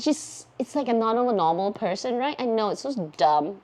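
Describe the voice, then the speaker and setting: A woman, a YouTube host chatting casually through viewer questions in a bubbly, giggly, excitable way. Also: a little high, normal speed. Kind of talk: casual Q&A chat.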